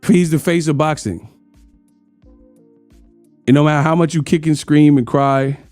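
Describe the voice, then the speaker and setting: A man hosts a casual boxing live stream, trash-talking in loose slang, laughing at his chat, and breaking into sung bits as the commentary host. His voice is on the high side, steady, unhurried, and a little mellow. There's no echo, with soft music playing in the background.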